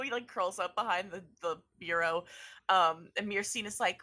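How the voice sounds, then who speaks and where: A woman's voice: mid-range voice, normal speed, pushed and bright. A woman narrating a tabletop game as game master, in a rambling, playful way.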